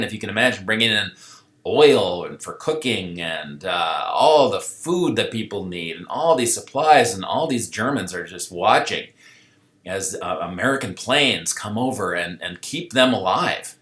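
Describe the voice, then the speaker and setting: Guy teaching history off a map, low but bright punchy voice, keeps going "okay?", echoey classroom sound. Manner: loose, conversational, keeps checking in with "okay?"; acts out historical figures in quoted asides. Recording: echoey room.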